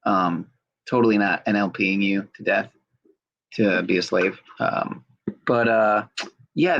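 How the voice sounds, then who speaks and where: A man with a low, gravelly voice rambles through livestream commentary, swearing and slipping into sarcasm. He talks quickly, and the stream audio sounds dull and lo-fi. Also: fairly bright tone. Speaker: livestream host.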